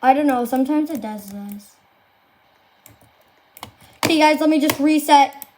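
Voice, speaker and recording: A woman commentating live gameplay to her viewers, gushing and excitable, often squealing and exclaiming. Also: high-pitched, measured pace, a little hiss or hum. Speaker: game streamer.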